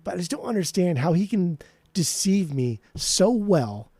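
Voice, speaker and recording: A man's voice: high voice, very animated, normal speed, darkish tone. A man co-hosting a podcast, talking in a rambling, profane, ranting way. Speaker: podcast co-host. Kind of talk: casual podcast chat.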